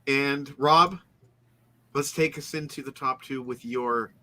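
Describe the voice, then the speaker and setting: A man hosting a casual online panel chat, chatty and joking, quick to laugh. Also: mid-range voice, pushed and bright. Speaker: host.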